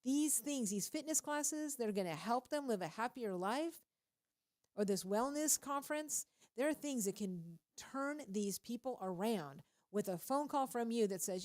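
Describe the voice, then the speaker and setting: A woman hosts a casual, faith-based radio show, speaking preachily and with lots of animation at a studio microphone, laughing often. Her voice is a little high and darkish, animated but at a measured pace.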